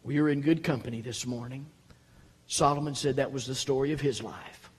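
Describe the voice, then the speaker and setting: A pastor preaching a sermon, dropping to quiet low reading and then rising to loud, high-pitched exhortation. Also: male voice, fairly even intonation, fairly quick, slightly rough. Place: church sanctuary. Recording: echoey hall.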